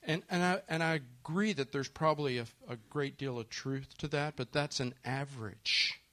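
A man's voice: fairly high pitch, moderate pace, sharp tone. A man preaching a sermon in an earnest way, often putting questions to his listeners. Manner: earnest, asks listeners questions, acts out quoted voices.

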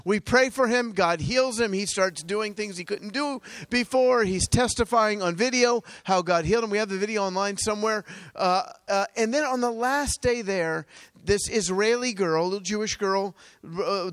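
A man preaching a testimony sermon, telling stories with energy, laughing often and swinging from loud bursts to hushed asides. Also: sits high, moderate pace, no echo. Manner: energetic storytelling with frequent laughs.

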